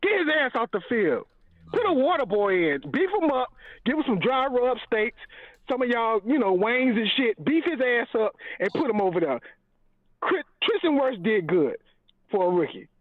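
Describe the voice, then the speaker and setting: A man calling in to a podcast, loud and profane, ranting and shouting about a lost game. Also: very high voice, very animated, moderate pace, no room sound. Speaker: regular podcast member calling in. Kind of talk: angry fan rant. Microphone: phone call-in. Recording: muffled call-in line.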